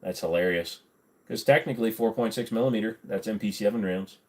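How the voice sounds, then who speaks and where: Man, low voice, casual livestream host, jokey and chatty, reading chat aloud. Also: brisk.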